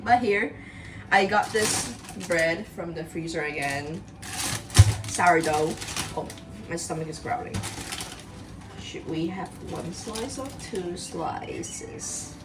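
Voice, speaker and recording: A young woman from Macau, slightly hoarse from being sick, chatting casually and rambling playfully in a vlog. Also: lowish voice, takes it slowly, long pauses, noisy background. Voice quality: raspy. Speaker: vlogger. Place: home kitchen. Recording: echoey room, camera a bit far off.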